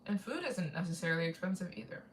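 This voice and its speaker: Woman, travel vlogger, rambling live-stream host, lowish voice, roomy room sound. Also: animated, fast talker, recorded from a distance, a little hiss or hum. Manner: rambling, repeats herself, reads out donations. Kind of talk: casual live-stream chat.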